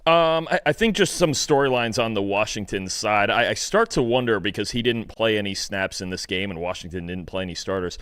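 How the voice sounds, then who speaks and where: Fast-talking man, dry close sound. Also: lowish voice, expressive, fairly bright tone, smooth, dry recording. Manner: fast, thinking aloud with restarts. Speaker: co-host, football analyst. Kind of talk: casual sports analysis chat.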